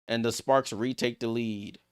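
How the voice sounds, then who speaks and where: A man hosting a live watchalong stream, calling basketball play-by-play and reacting excitedly to each play. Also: medium pitch, a little slow, clear, resonant tone. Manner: excitable, rattles off passes, reacts aloud. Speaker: watchalong host.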